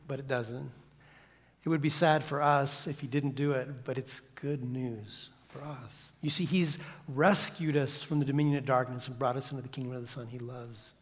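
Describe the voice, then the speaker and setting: A man giving a sermon as a guest pastor, speaking dramatically and dropping from loud declarations to a hushed whisper. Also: medium pitch. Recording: long reverb of a church hall.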